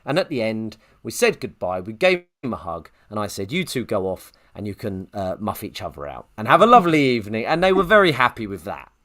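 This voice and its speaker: Animated man telling a story. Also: brisk, few pauses. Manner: animated storyteller, jumps pitch for quoted voices. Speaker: podcast co-host. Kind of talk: casual anecdote telling.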